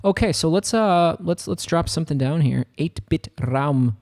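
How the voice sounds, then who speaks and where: A man's voice: a little high, expressive, moderate pace, a little mellow. An American man chatting casually on a livestream, rambling and upbeat as he works through a music production tutorial. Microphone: studio microphone.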